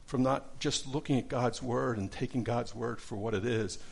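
Gravelly middle-aged man teaching Bible study. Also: medium pitch, moderate pace, a little hiss or hum. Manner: conversational, many fillers and restarts. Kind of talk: casual Bible study lesson.

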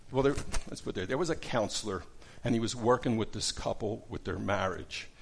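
A man's voice: lowish voice, a little fast, gravelly, breathy edge. A middle-aged man teaching a casual Bible study lesson, conversational, with many fillers and restarts.

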